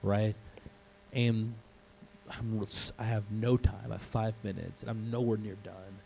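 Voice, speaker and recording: Gravelly-voiced man preaching. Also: lowish voice, a little slow, slight background noise, rough recording. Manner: animated storytelling, acting out scenes. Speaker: pastor. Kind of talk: sermon. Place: church.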